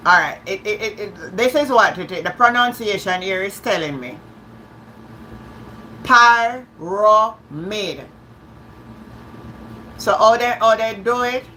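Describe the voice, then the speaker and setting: Lady chatting live to her viewers, bright tone, keeps repeating herself. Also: mid-range voice, lively intonation, moderate pace, hardly any pauses, slight background noise. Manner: chatty, repeats and restarts words, laughs often. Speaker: livestream host. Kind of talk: casual live-stream chat.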